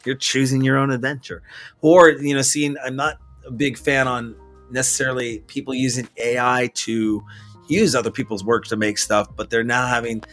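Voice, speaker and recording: A man's voice: mid-range voice, flat delivery, moderate pace, fairly bright tone, soft background music. Chatty rambling male podcast host. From Washington state, US. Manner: chatty and rambling, many restarts. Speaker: interview host. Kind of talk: casual podcast interview. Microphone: remote video call.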